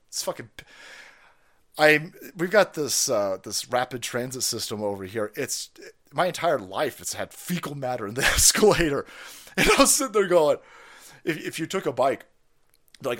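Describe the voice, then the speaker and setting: A man's voice: fairly high pitch, moderate pace. A man hosting a stream, ranting profanely and laughing as he mocks other people's voices. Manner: foul-mouthed, laughing, animated ranting with mocking voices. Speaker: political stream host.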